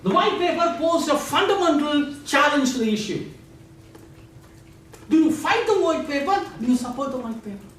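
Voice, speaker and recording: A man lecturing a class, animated and quizzing students with playful asides. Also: extremely high pitch, moderate pace. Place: large echoey lecture room. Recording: echoey classroom from far off, faint hiss.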